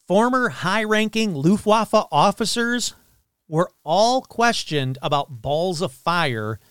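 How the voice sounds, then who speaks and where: Lively, clear-voiced male podcast host. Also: a little high, dry recording, clean studio sound. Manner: animated, irreverent asides, frequent fillers. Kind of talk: casual storytelling podcast.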